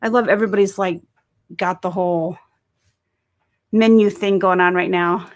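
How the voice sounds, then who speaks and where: A woman's voice: lowish voice, steady tone, normal speed. Chatty woman reading live-stream comments. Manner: chatty, reads viewer comments aloud. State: sore throat. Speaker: livestream host. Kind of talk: casual live-stream chat. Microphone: desk microphone.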